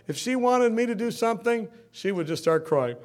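A man preaching a sermon as pastor, swinging from loud emphatic bursts to soft storytelling. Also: extremely high pitch, expressive, normal speed.

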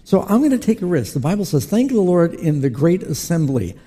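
A man delivers a sermon from the pulpit. He has a very dark, mellow tone with a husky edge and a slightly raised pitch. He tells stories and acts out the people he quotes. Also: a little fast. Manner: animated storytelling preacher who acts out quotes. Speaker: pastor.

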